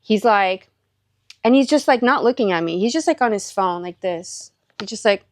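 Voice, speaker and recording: A woman's voice: medium pitch, expressive, normal speed, no echo, studio quality. A woman from Southern California, a mother, chatting through a personal story with many likes and quoted back-and-forth. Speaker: faith and encouragement vlogger. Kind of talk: casual storytelling.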